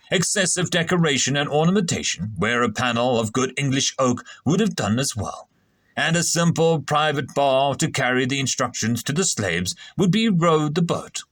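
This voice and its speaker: A man narrating a science fiction story aloud in an expressive, animated reading voice. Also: mid-range voice, no room sound.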